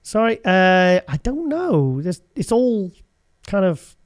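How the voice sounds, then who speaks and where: A man's voice: high-pitched, big pitch swings, takes it slowly. A man hosting a casual show, chatting and rambling as he looks through pictures and laughs often. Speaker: host.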